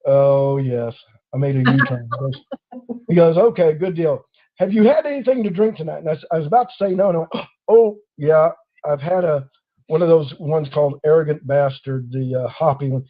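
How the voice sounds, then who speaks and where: Male host, lively storyteller, slightly high voice, muffled lo-fi sound. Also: normal speed. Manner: animated storyteller acting out quoted officers. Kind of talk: casual storytelling chat.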